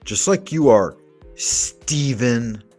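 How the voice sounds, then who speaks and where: A man's voice: mid-range voice, animated, extremely slow, darkish tone, soft background music. A man hosting a commentary video, ranting emphatically and sarcastically with plenty of swearing. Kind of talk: profane reaction commentary.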